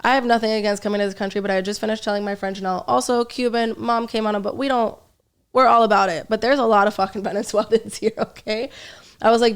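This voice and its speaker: A woman's voice: a little high, fast talker, clean tone. A woman comedian telling stories in a casual podcast chat, swearing freely as she goes. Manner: lively storyteller, curses freely. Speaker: comedian guest.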